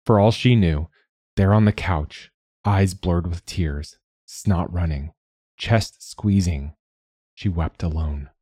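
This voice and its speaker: A man reading a story aloud in a measured, somber narration. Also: sits low, warm tone, husky, no echo, studio quality.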